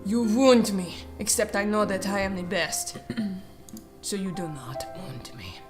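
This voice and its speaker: A woman's voice: mid-range voice, a little slow, darkish tone, faint music behind, lightly acted. A woman voicing a vain, self-important male bird lawyer in a game, grand and formal. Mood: pompous.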